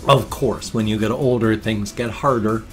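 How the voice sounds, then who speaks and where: A man's voice: fairly low pitch, steady tone, moderate pace, soft background music. A man in his fifties talking in a casual, rambling vlog, chatty and often breaking off mid-thought. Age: 50s. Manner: chatty, self-interrupting, musing. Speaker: vlogger.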